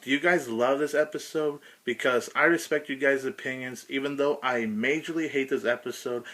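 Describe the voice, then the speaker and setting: A man's voice: medium pitch, a bit bright. A man ranting emphatically through a frustrated cartoon episode review.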